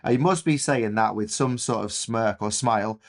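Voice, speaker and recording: A man's voice: on the low side, moderate pace. Enthusiastic English male history teacher. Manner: enthusiastic, chatty, many fillers. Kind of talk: recorded revision lesson.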